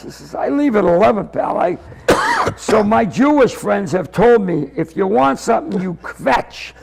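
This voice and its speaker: Gravelly high-voiced older man telling a story. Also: a little mellow, low-quality recording. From Massachusetts. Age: 60s. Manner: rambling, acts out both sides of the story. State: coughing, throat-clearing. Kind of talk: comic storytelling. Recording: public-access TV archive tape.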